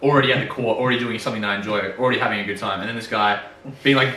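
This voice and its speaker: A man co-hosting a casual chat, an animated storyteller who swears freely and acts out his own reactions. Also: lowish voice, very fast. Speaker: podcast co-host. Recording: roomy, distant mic with faint noise.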